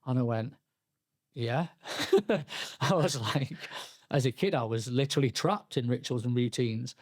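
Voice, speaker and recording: A young man, a podcast guest telling his story candidly, halting and restarting often. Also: mid-range voice, a little mellow, no room sound, clean studio sound. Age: young adult. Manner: halting, frequent restarts and fillers, quoting himself and others.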